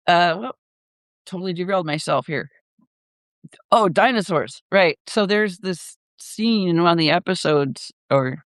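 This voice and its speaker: A man's voice: a little high, fairly bright tone, dry recording. Older guy rambling on a live chat, lots of ums and laughs, dry sound. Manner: rambling, laughs often, many fillers. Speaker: live stream host.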